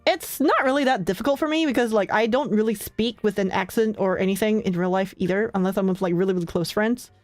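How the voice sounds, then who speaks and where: A young woman streamer chatting casually with her viewers, relaxed and full of filler words, often laughing between thoughts. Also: medium pitch, quick pace, hardly any pauses, no room sound, faint music behind. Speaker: streamer hosting her own channel.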